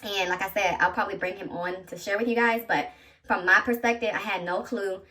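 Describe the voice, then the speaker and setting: A woman's voice: medium pitch, fairly quick. Chatty woman in her thirties, slightly distant. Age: 30s. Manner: animated, chatty, addresses viewers directly. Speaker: vlogger. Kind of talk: personal storytelling to camera.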